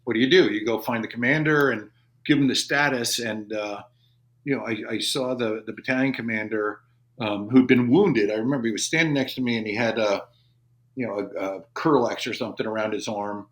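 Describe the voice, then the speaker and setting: A man's voice: mid-range voice, fairly quick, fairly bright tone. A middle-aged man, a former Army Ranger, telling a war story in an interview, rambling with many restarts and swearing. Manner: profane, intense retelling.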